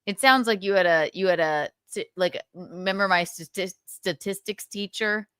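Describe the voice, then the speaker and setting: A young woman co-hosting a casual chat show over a video call, telling animated stories and acting out voices. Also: mid-range voice, moderate pace, clean tone, no echo, clean studio sound. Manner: animated storyteller, acts out voices in her anecdotes. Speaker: podcast co-host.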